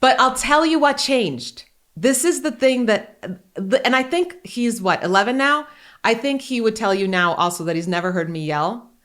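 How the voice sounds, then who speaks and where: A woman's voice: a little high, normal speed. A woman in her forties hosting a podcast, chatting casually, joking and telling candid stories. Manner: animated, joking and candid storytelling. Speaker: podcast host.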